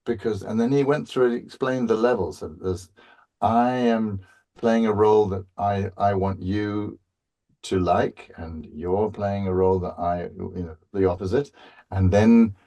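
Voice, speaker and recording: A man's voice: fairly low pitch, normal speed, mellow. A man guest on a podcast talking in a rambling, playful way, often restarting his thoughts. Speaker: voice actor guest. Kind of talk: casual podcast chat.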